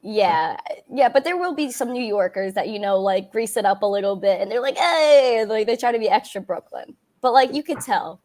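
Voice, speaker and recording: A woman's voice: medium pitch, expressive, a little fast, a little mellow. A young woman with a New York accent, a guest in casual chat, bubbly and giggly with lots of "like".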